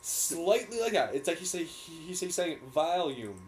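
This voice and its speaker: A man's voice: high voice, expressive, normal speed, slight background noise. A young man, rambling through stories with many restarts in a casual podcast chat. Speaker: podcast co-host.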